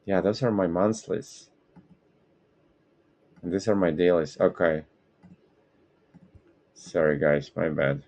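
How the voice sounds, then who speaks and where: A man with a deep, gravelly voice hosts a casual live market stream. He talks slowly and meanders, stopping often to correct himself and apologize. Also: fairly even intonation, darkish tone. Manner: rambling, self-correcting, apologetic. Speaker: trading stream host.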